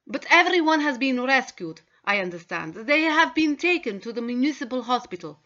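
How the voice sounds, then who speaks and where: A woman playing a gracious countess who speaks gently and softly. The storybook voice is bright, and the recording sounds a little dull. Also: sits high, lively intonation, moderate pace, voice pushed up. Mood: gentle concern. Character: gentle countess breaking bad news.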